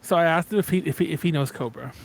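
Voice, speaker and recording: Man, tabletop player, casual chat, stammers, somewhat high, faint background noise. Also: racing.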